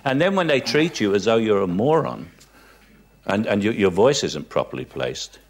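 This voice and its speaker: A man with a Cockney accent, a guest in an interview, telling stories with lively mimicry. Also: fairly low pitch, normal speed. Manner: animated storyteller, mocks impressionists with lively put-on voices. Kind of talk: casual interview chat.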